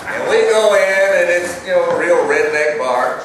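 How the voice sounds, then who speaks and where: A man's voice: high voice, a bit bright, slight background noise. An older man, an actor on a panel, telling a rambling story full of ums and uhs. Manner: rambling, fills pauses with um and uh. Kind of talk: casual storytelling. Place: festival hall with a live audience. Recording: echoey hall, mic heard from a distance.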